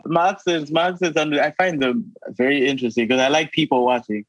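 A man's voice: fairly high pitch, no echo, rough recording. A man chatting as a musician guest on a podcast, playful and laughing often. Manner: laughs often, playful, quick to deny teasing. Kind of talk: casual chat.

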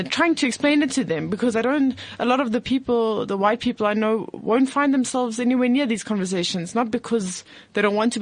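A woman's voice: a little high, dry recording. A woman, a teacher, speaking hesitantly in a group discussion, often restarting and searching for words. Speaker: teacher and theatre maker.

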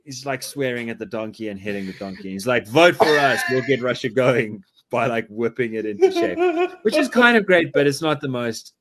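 A South African man in casual podcast chat, rambling through his points with plenty of "like" and "you know". His pitch swings widely, lively and expressive, at a middling height. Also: a little fast, crowd noise. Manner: rambling, animated, filler-heavy.

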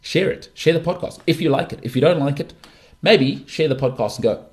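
A man's voice: a little high, brisk, a little mellow. A middle-aged man hosting a solo sports podcast, talking in an opinionated, emphatic way with frequent restarts. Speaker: podcast host.

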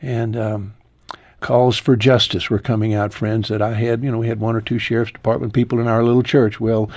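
Husky man in his sixties telling a grief story. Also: little pitch movement, no room sound. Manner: slow, heartfelt storytelling, voice dropping low and soft at painful moments. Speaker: interview guest. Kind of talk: personal testimony in an interview.

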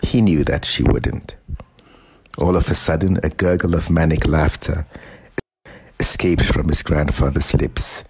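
A man narrating a short story in a calm, measured reading voice. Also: rumbling low, gravelly, slightly rough, low-quality recording. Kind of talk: audiobook narration.

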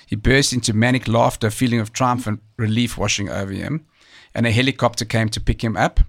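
A man narrating a documentary story in a measured, conversational way, with occasional fillers and restarts. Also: fairly low pitch, steady tone, gravelly. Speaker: storyteller recounting a true survival tale. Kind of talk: documentary narration, partly off the cuff.

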